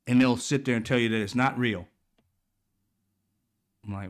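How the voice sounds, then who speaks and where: A man's voice: normal speed, pauses often. A man hosting a political commentary show, ranting casually in a profane, exasperated, mocking way. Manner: swings from loud and high to low and quiet.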